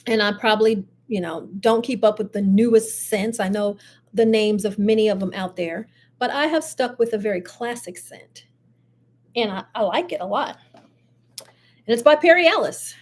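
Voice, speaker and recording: Speaking at a moderate pace in a mid-range voice with a darkish tone, a grandmother hosting a relaxed live stream chats away, laughs often and talks straight to her viewers as she greets them.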